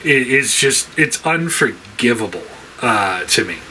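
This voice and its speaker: A man's voice: medium pitch, animated, a little slow, sharp tone, a little hiss or hum. A man ranting casually about his toy collection, rambling with lots of fillers and frequent swearing. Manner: frustrated, swears a lot, rambling with many fillers.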